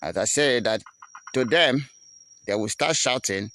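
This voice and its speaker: A man's voice: mid-range voice, lively intonation, moderate pace, a bit bright, slight background noise. A man with a Nigerian accent giving an impassioned broadcast address as an activist, in a preaching, repetitive chanting cadence.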